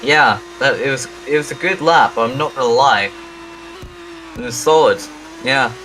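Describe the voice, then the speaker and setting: Guy commentating a sim race, jokey and self-deprecating, kinda halting, mid-pitched voice. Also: bright, forceful tone, a little hiss or hum, low-quality recording.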